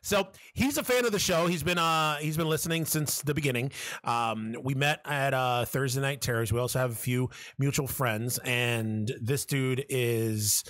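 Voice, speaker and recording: A man's voice: mid-range voice, normal speed, a bit bright, no echo, clean studio sound. A man hosting a horror podcast, chatting loosely and joking, with many fillers. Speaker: podcast host. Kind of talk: casual podcast chat.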